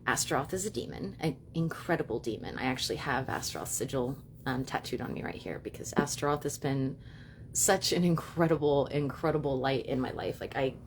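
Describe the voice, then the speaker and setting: A young woman hosting a live stream from home, talking quickly and casually with lots of "you know" and "like". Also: very deep voice, slight background noise. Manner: fast, chatty, many fillers like "you know" and "like". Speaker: livestream host and witch.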